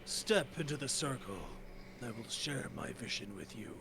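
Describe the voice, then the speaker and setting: A man voicing a solemn, ancient stone earth guardian in a slow, breathy, half-whispered voice, over a noisy home mic. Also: mid-range voice, animated, lightly acted. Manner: slow, grave.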